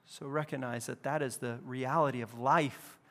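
A man pastor preaching a lively, conversational sermon in a church. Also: medium pitch, normal speed. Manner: conversational, animated preaching with casual asides. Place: church building.

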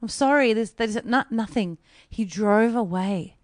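A woman co-hosts a casual podcast, telling her story with animated, acted-out quotes and plenty of swearing. Her voice sits mid-height, and it is recorded close and dry with no room sound. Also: mid-range voice, a little slow, no room sound. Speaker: podcast co-host. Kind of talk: casual chat.

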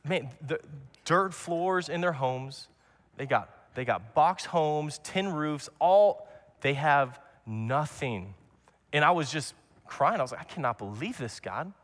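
A man's voice: fairly high pitch, expressive, slow. A young adult man preaching a sermon as a pastor, earnest and repetitive, often restarting his words. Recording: long hall reverb.

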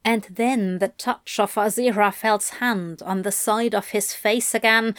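A woman narrating an audiobook in an expressive, unhurried storytelling manner. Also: medium pitch, no echo, clean studio sound.

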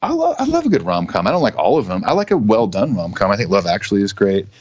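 A man's voice: on the low side, sing-song, fast, darkish tone, lo-fi sound, slight background noise. A man co-hosting a podcast, chatting casually, enthusiastic and rambling. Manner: enthusiastic, rambling, laughs easily. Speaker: podcast co-host. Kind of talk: casual chat.

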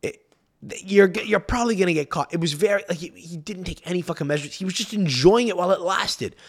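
A man's voice: high-pitched, fast talker. Profane, rambling male podcast host. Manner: profane, rambling, stammering restarts. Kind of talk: casual rant.

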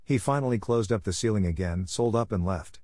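Level-headed local builder, plain and matter-of-fact, low voice, read by a man. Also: brisk, a little mellow, no room sound, clean studio sound, lightly acted. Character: calm middle-aged male village builder.

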